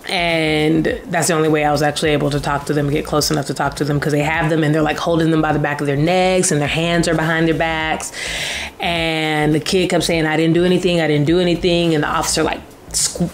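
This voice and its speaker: Girl vlogging, deep-ish voice, acts out the voices, lively. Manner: animated, acts out voices in the story. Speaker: travel vlogger. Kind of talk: casual storytelling to camera.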